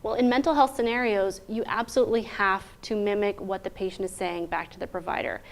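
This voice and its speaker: A woman teaching interpreters in a clear, methodical way, often posing rhetorical questions. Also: medium pitch, fairly even intonation, fairly quick. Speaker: interpreter trainer. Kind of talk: instructional talk.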